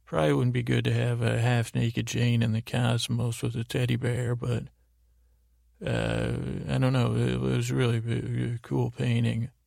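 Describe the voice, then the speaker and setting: A man drifts through a bedtime recap in a low-key, meandering way, stopping often for ums and restarts. His voice is thick with gravelly fry and stays flat in pitch. The sound is dry and close. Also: no room sound. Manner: meandering and slow, with frequent ums and trailing restarts. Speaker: sleep podcast host. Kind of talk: rambling bedtime recap of a TV episode.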